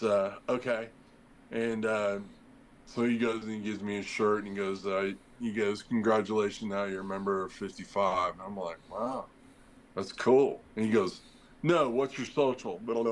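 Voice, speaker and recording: A man's voice: fairly low pitch, slight background noise, poor audio. Rambling middle-aged man telling a story. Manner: rambling, acts out quoted dialogue, many fillers. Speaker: podcast guest, former firefighter. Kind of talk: casual storytelling interview.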